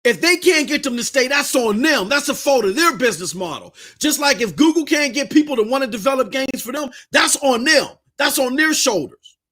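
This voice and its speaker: In a very high, expressive voice that's brisk, bright, and forceful, a Southern US podcast host rants. His commentary is fiery, blunt, and full of slang.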